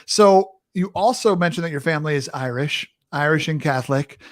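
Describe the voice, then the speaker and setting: A man's voice: on the high side, fairly quick, no echo, clean studio sound. A male talk show host asking questions in an easygoing, laughing way, with many "uh"s and restarts. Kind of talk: casual interview chat.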